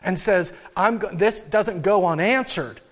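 A man's voice: high-pitched, measured pace. A man preaching as a pastor, earnest and thinking aloud, with frequent restarts. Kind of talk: sermon.

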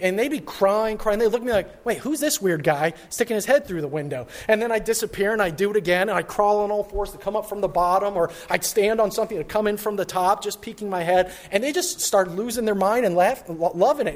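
A man's voice: high voice, fast talker, hardly any pauses. A man pastor giving a sermon, telling a personal story in a conversational way with frequent restarts.

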